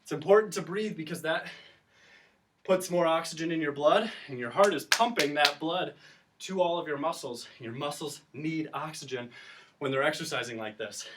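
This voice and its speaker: In an instructional exercise video, a man teaching a children's class leads the workout, counting down reps and explaining while he exercises, breathing hard from the effort. His fairly high, somewhat bright voice goes at normal speed and sounds distant from the mic.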